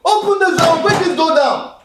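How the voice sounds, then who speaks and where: An actor with a Nigerian accent playing a furious young man thrown out of his home, shouting and stammering threats. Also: extremely high pitch, normal speed, reverberant, distant mic, noisy background. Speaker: evicted boyfriend Ebuka. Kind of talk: Nollywood film acting.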